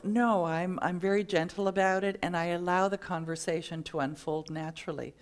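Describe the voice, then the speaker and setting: A woman's voice: fairly low pitch, moderate pace, hardly any pauses. A middle-aged woman minister giving a sermon, telling stories and acting out the voices in them. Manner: storytelling, acts out quoted voices.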